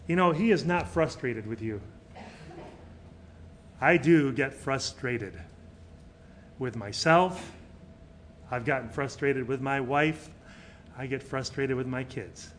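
A middle-aged male pastor preaching a sermon, swinging between loud emphatic peaks and quiet, soft passages. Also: medium pitch, slow pace, pauses often, slight background noise.

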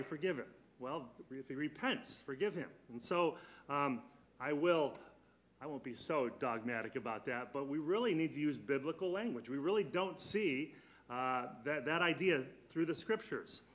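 A man teaching a church Bible class, earnest, putting questions to his students and slowing down on key words. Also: mid-range voice, fairly bright tone.

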